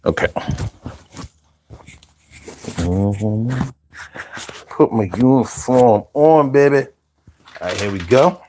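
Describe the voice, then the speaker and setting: A man's voice: medium pitch, expressive, normal speed, warm tone, slight background noise. A middle-aged man hosting a casual live stream, reading viewer comments aloud and answering in a profane, rambling way with stammered restarts.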